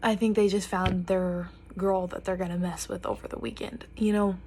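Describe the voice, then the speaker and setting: A woman's voice: medium pitch, normal speed, slight background noise. Chatty young woman telling a storytime. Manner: chatty, animated quoting of others. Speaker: vlogger. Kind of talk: storytime while getting ready.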